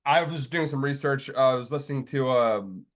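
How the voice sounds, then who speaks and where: An easygoing man in a relaxed podcast conversation, voice at an ordinary pitch for a man. He speaks a little hesitantly, often dropping in brief agreeing replies. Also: moderate pace. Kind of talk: casual chat.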